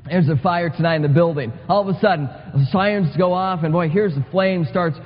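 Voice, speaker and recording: A man preaching in a church, his voice somewhat high for a man and carried by a long reverb through the hall. He speaks earnestly, repeating key words and pressing toward urgent emphasis. The recording is muffled and dull. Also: brisk. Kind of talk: sermon. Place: church sanctuary.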